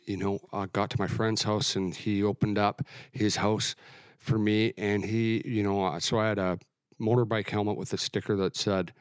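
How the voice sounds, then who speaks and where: Earnest low-voiced man telling his story. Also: little pitch movement, smooth, dry recording, studio quality. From Alberta, Canada. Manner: earnest, reflective, halting with restarts. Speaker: guest sharing testimony. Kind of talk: personal testimony in interview.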